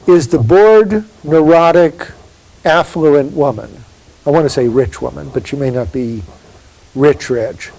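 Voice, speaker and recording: A man giving a university literature lecture, reading poetry aloud slowly and emphatically and posing rhetorical questions. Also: on the high side, dark tone, poor audio.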